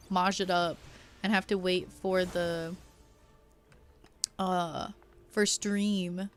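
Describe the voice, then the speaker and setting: A young woman streaming a game, chatting casually in slang, reading chat aloud and bursting into loud reactions. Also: mid-range voice.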